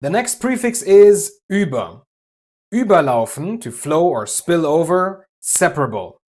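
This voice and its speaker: A man from Germany with a German accent, giving a clear, methodical language lesson with light humor. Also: fairly high pitch, big pitch swings, measured pace, a little mellow. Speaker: language teacher. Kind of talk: scripted explanatory lesson.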